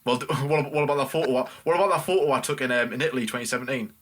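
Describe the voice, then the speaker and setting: A man's voice: medium pitch, fairly bright tone, slight background noise. A man hosting a podcast on a video call, stammering and restarting as he talks, laughing often. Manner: quick, stammering, laughs a lot. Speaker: podcast host. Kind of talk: casual chat.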